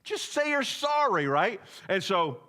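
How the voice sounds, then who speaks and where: A bright, forceful man's voice, pitched a little high, preaching from the pulpit. He is a middle-aged pastor who jumps into little acted-out voices while telling stories in church. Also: very animated, unhurried. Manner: storytelling preacher who acts out voices of people in anecdotes. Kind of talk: sermon.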